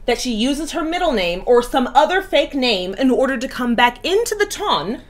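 A woman hosting a casual TV reaction chat, animated and freely swearing. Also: high voice, normal speed. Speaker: host.

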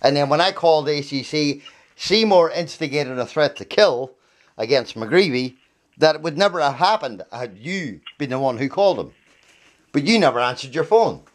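A man's voice: fairly high pitch, lively intonation, normal speed. A man angrily confronting his advocate, swearing and hammering the same accusing questions. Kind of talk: heated confrontation.

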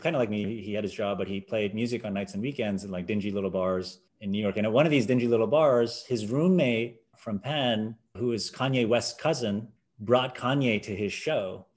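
A man in his forties tells stories at a quick clip, slipping into other people's voices with sudden high jumps. It sounds like a relaxed chat between guest and host. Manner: animated, acts out quoted voices with big pitch jumps. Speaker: podcast guest. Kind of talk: casual storytelling.

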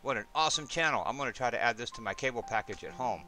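Man, playful let's play commentary, bright voice, faint music behind. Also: medium pitch, expressive, racing. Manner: playful, chatty. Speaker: gameplay host.

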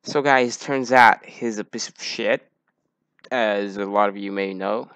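Male reaction host, casual and indignant, with a smooth voice and a dry, close sound. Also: on the low side, measured pace, a bit bright, no echo. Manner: outraged exclamations.

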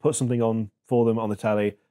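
A man in his thirties, a podcast guest talking in a reflective, halting way with many fillers. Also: lowish voice, little pitch movement, warm tone. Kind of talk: casual chat.

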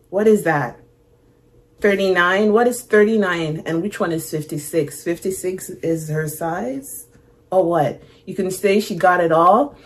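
A woman's voice: lowish voice, measured pace. Woman, reaction channel host, playful casual chat, reads lyrics aloud, laughs a lot. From Canada.

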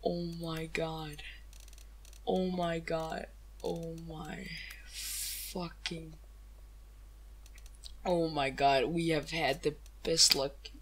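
Slow-talking, excitable woman gamer. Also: deep voice, a little hiss or hum. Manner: excitable, gasping and exclaiming, swears freely. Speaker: gaming channel host. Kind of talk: excited case-opening commentary.

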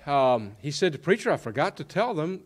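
A man's voice: a little high, very animated, brisk. Casual man introducing the next speaker. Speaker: conference host.

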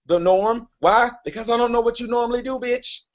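A man's voice: very high-pitched, a little fast. A man hosting a live stream who mocks and confronts his critics in a crude, brash way. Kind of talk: profane live-stream rant. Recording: lo-fi stream audio.

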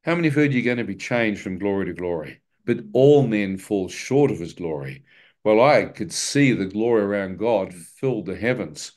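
A man's voice: lowish voice, animated, moderate pace, darkish tone. A man sharing his personal testimony with a live church audience, telling it vividly and with self-mocking humor.

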